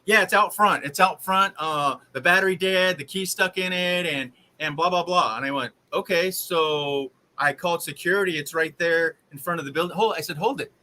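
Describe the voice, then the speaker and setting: Animated, bright-voiced man telling a story. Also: on the high side, moderate pace, few pauses, rough recording. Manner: rambling, exasperated, animated retelling. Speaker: live stream host. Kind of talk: casual storytelling to live viewers.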